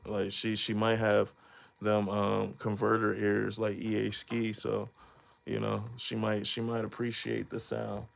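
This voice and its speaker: A man's voice: fairly low pitch, completely flat delivery, measured pace, vocal fry, a bit bright. A man in his thirties chatting casually on a live stream about making beats, rambling in a laid-back, slangy way and laughing often. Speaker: beatmaker streamer.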